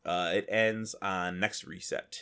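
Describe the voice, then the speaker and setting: A man co-hosting a casual gaming podcast, animated and joking, slipping into silly voices. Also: low voice, slow, smooth. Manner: animated, breaks into exaggerated voices for jokes. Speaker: podcast co-host.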